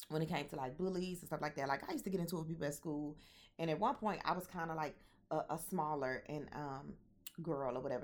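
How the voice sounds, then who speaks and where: A young woman with a mixed Southern and Midwestern American accent, telling a personal story candidly and animatedly to her viewers, often swearing. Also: low-pitched. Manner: candid, animated, profane, addresses viewers directly. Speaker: vlogger.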